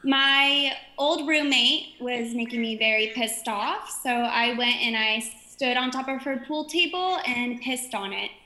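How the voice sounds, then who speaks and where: High, bright giggly woman caller. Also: a little slow, few pauses, roomy sound. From California, USA. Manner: giggly, hesitant. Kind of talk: casual call-in chat.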